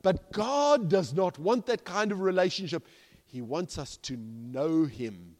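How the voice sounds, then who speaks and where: Male pastor, higher voice, very lively delivery, preaching in a big echoing church hall. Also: measured pace. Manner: animated, swings from hushed to loud, acts out quoted characters. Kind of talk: sermon. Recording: long reverb of a large hall.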